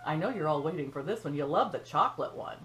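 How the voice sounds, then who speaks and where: A woman's voice: low-pitched, expressive, quick pace, fairly bright tone, slight background noise, low-quality recording. An older woman hosting her own cooking channel, talking in a folksy, chatty way with joking asides, from her home kitchen. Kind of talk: casual chat.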